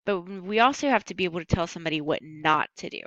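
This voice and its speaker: Bright-voiced woman teaching a lesson. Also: lowish voice, expressive, no room sound, lo-fi sound. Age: adult. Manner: patient, upbeat, slow and careful on Spanish words. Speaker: Spanish teacher. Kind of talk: recorded language lesson.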